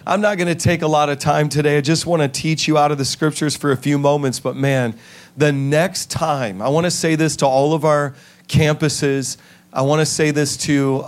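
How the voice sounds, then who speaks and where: A man preaching as a pastor in a large church, earnest and emotional, moving between a half-sung scripture reading and soft heartfelt talk. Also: a little high. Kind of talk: sermon.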